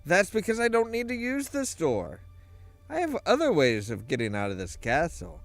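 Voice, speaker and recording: A man voicing a boastful young male rogue who speaks low and suggestively. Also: huge pitch swings, normal speed, soft background music, full character voice. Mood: smug.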